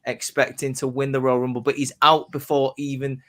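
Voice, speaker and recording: A man on a casual podcast, telling his predicted wrestling storyline like excited play-by-play. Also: medium pitch, a little fast. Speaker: podcast host.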